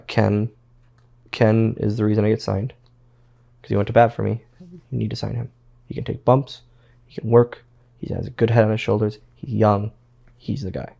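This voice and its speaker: A man's voice: lowish voice, creaky, mellow, dull audio. A man, a former pro wrestler, telling stories as a guest in a casual interview, rambling and repeating words as he quotes others.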